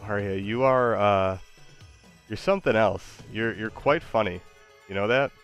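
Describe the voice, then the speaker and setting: A man's voice: lowish voice, unhurried, fairly bright tone, clear, resonant tone, faint music behind. A man chatting casually with an AI assistant, hesitant and stumbling over his words. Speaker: user chatting with an AI. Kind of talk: casual chat.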